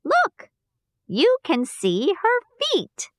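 A woman voicing a kind little old female good witch, speaking gently and reassuringly. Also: fairly high pitch, huge pitch swings, drawn-out words, no room sound, studio quality, heavily acted. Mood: kindly.

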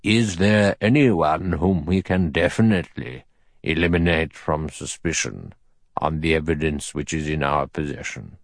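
A man voicing an elderly judge with a thin, sour, acid voice who speaks slowly and precisely. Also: a bass voice, no room sound. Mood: measured. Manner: slow, measured, dry.

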